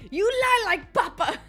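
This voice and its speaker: Brief: playful woman streamer, high lively voice, swears and laughs, faint music behind. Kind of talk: casual chat reacting to a video.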